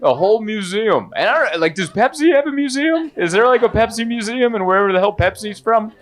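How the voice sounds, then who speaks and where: A young man performing a stand-up comedy set, telling a rambling, animated story with lots of fillers. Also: high-pitched, a little fast.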